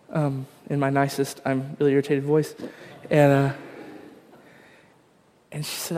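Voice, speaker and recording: A man's voice: a little high, little pitch movement, unhurried, a little mellow, long reverb tail. A man, probably in his thirties, preaching a sermon in a conversational, self-deprecating storytelling way with frequent fillers. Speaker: pastor.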